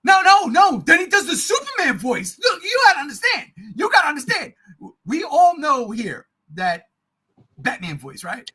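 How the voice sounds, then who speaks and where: A man co-hosting a podcast, chatting casually and excitedly about movies, swearing often and getting loud. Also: extremely high pitch, normal speed. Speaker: podcast co-host.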